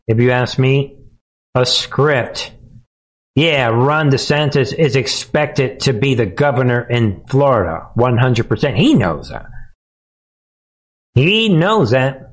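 Slow, mocking male commentary host. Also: medium pitch, low-quality recording. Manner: mocking, sarcastic, laughs often. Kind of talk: live political commentary.

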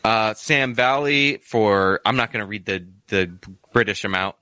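A man's voice: fairly low pitch, unhurried, bright, forceful tone, clean tone, no room sound. A man hosting a casual live stream, reading out viewer donations with a rambling, laugh-filled, filler-heavy way of talking. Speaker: streamer reading super chats.

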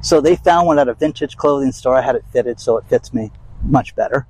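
A man's voice: mid-range voice, a little fast, darkish tone, slightly rough, low-quality recording. An older man ranting bluntly and emphatically to his audience in a rambling vlog. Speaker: vlog host. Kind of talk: casual rant to camera.

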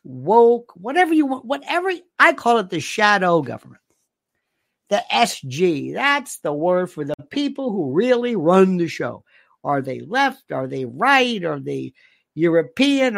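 A sarcastic commentary host tears into the subject of the rant, heaping up insults and rhetorical questions in a loose, rambling flow. The pitch sits in a middle range. The recording is dry and close, with no room sound. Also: gravelly, no echo. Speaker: host reading viewer comments. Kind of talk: opinionated commentary monologue.

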